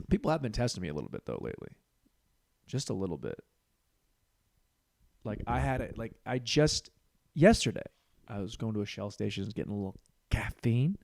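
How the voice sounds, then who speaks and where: A man's voice: on the low side, moderate pace, gravelly, pauses often. A man in his thirties hosting a solo comedy podcast, telling stories and acting out the other people in them, with plenty of swearing. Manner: animated storyteller acting out voices, swearing freely.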